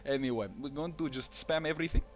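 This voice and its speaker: A man's voice: fairly high pitch, steady tone, quick pace, slight background noise. A man hosting a game tournament livestream in a casual, playful way, reading chat aloud and answering it. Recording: slightly dull stream mic with faint music. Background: faint background music.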